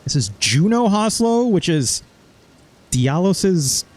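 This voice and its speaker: He hosts a gaming video in a high, very animated voice, though he takes it slowly. The commentary is a casual, rambling recap of his playthrough, with offhand swearing.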